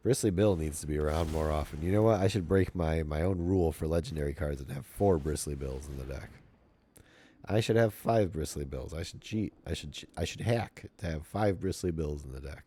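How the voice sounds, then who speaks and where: This middle-aged streamer has a very deep, dark voice with a breathy edge and a moderate pace. While playing cards he banters goofily with viewers, poking fun at himself in jokey asides.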